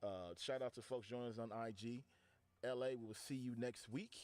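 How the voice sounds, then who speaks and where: A man hosting an online radio talk show, relaxed and chatty, often repeating words as he thinks. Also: medium pitch, moderate pace, clean tone. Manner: laid-back, repeats words while thinking. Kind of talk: casual talk show chat.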